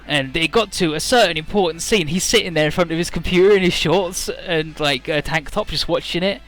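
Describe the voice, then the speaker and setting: Bright-voiced man rambling through a story. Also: on the high side, a little fast. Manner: profane, rambling storyteller who acts out voices. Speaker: let's play commentator. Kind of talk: casual game commentary, retelling a story.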